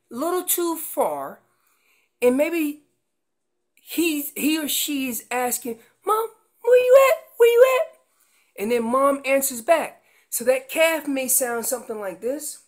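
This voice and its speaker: A woman with a high voice talks slowly and expressively as she teaches elk calling in a slide seminar. Everyday comparisons carry her explanations, and she breaks out into loud, acted calf and parent calls.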